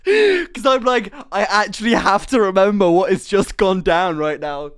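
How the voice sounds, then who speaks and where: High-voiced excitable young man streamer. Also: moderate pace, clean tone. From Somerset, England. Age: young adult. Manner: excitable storytelling, swears and laughs often. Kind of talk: casual chat while painting on stream.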